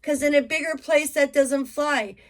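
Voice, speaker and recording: A woman's voice: sits high, fairly even intonation, moderate pace. A middle-aged woman chatting frankly to camera as a reseller, rambling and emotional with many asides. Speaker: reseller vlogger. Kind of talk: casual chat to camera.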